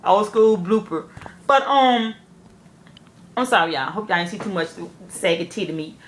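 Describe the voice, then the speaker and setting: A woman telling a story candidly to camera, animated and profane, speaking straight to her viewers. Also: medium pitch, normal speed, reverberant, slight background noise. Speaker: nail technician vlogger.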